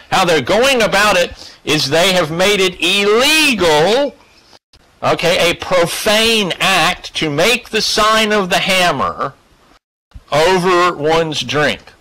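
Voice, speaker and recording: A man giving a casual spoken lecture to a class, profane, animated and emphatic. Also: sits high, rough recording. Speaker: class teacher.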